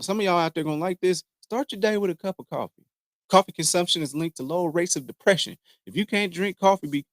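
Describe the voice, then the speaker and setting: A man's voice: fairly high pitch, no room sound, studio quality. A man speaking frankly and earnestly to viewers about personal struggles, in a slangy, conversational way with many restarts. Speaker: vlogger. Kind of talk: candid personal talk to camera.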